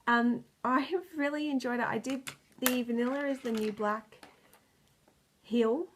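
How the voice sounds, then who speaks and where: A woman's voice: a little high, fairly even intonation, measured pace, slight background noise. A tired, stressed woman hosting a knitting video podcast. She rambles, loses her words and laughs often. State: tired and stressed, close to tears. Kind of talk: casual chat.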